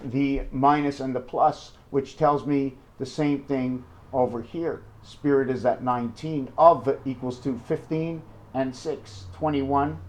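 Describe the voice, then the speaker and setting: A man in a rambling monologue, jumping excitedly between numbers and firing off rhetorical questions. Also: unhurried, hardly any pauses. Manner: wide swings in pitch and loudness. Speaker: numerology video maker.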